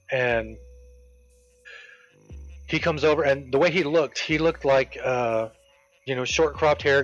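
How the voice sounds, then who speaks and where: A man casually telling a workplace story while streaming a game, quoting people with animated voices. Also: mid-range voice. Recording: dull lo-fi with game music.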